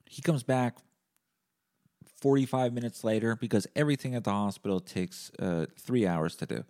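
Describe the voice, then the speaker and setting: A man hosting a podcast, telling a comedic story as a deadpan, profane rant and acting out both sides of the argument himself. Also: medium pitch, moderate pace. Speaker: podcast host.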